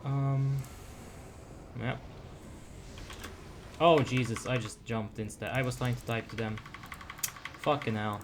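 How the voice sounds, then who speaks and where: A man's voice: medium pitch, steady tone, slow, long pauses, noisy background. A young man giving casual commentary while playing a game, chatty and self-deprecating, muttering asides to himself. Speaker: streamer.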